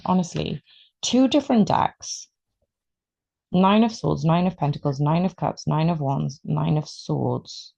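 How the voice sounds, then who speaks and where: A woman reads tarot cards in a slow, drawn-out way, growing excited and emotional as she goes. Her voice is low, dark and gravelly with a lot of fry. The recording sounds a little dull and lo-fi. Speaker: tarot reader. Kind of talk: tarot reading video.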